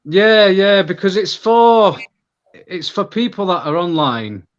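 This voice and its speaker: A man in his thirties with a Manchester accent talks candidly as a guest on a casual podcast, rambling with many restarts. His voice is high and very animated but slow, and the lo-fi audio sounds slightly dull.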